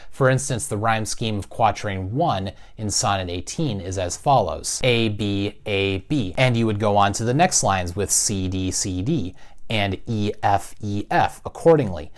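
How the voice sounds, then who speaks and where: A man teaching a class, explaining things patiently and clearly and walking through spoken examples. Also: lowish voice, lively intonation, normal speed. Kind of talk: recorded classroom lesson.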